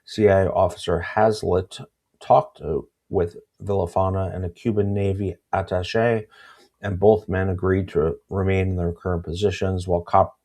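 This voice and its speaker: A low-voiced man hosts a podcast and reads documents aloud at an easy pace. His tone is mellow and dark, and he often breaks into a laugh. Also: flat delivery, normal speed. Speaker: podcast host. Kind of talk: casual podcast reading and discussion.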